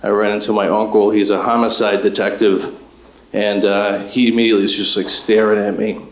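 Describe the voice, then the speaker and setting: A man's voice: fairly low pitch, flat delivery, brisk. A man doing a stand-up comedy set, telling stories in a dry, conversational way and talking to the crowd. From Chicago. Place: comedy club stage with live audience. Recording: roomy live club sound.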